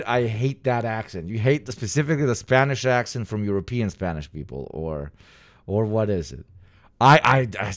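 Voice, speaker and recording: Brief: young male streamer, profane, very animated delivery, dry close mic. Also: no room sound. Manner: swearing, exaggerated outbursts then low mutters. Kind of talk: casual live stream chat.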